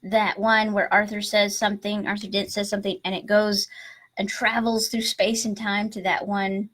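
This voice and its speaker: A woman's voice: mid-range voice, normal speed, low-quality recording. A woman hosting a live library book discussion, chatting casually, laughing often and reading passages aloud. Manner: giggly, animated, laughs often. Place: public library.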